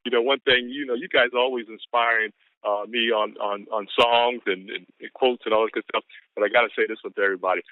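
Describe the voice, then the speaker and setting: Fast-talking, whooping man on a phone line. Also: medium pitch, steady tone, dry recording. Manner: exuberant, whooping and calling out to listeners. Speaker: business caller giving the daily quote. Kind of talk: excited motivational pep talk.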